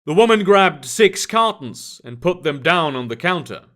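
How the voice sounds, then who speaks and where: Lively male storyteller. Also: fairly high pitch, normal speed. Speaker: story narrator. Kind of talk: scripted narration.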